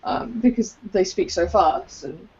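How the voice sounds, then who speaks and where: A woman's voice: mid-range voice, expressive, unhurried, a little mellow, breathy edge. An English woman co-hosting a podcast in casual chat, hesitant, with lots of ums and restarts. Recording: lo-fi, muffled.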